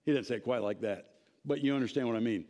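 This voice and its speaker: A man's voice: mid-range voice, fast talker, mellow. A man teaching a church Bible class in a conversational, emphatic way, often checking in with his listeners.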